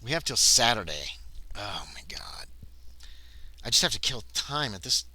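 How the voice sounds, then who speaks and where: Very animated and a little fast, this mid-range male voice is bright, forceful and husky, recorded with no room sound. He livestreams a tabletop game played solo, reading game text aloud and chatting casually with himself and viewers in between.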